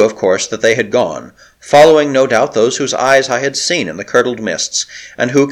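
A man narrating an adventure novel aloud in an expressive, storytelling manner. His pitch sits in the middle for a man and moves a lot through each phrase. The delivery is dramatic and carefully scripted. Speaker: audiobook narrator.

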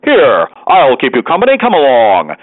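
A man reading aloud and voicing a hearty, impetuous country gentleman who talks briskly and impulsively. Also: medium pitch, wildly swooping pitch, no echo. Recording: tinny dry radio broadcast.

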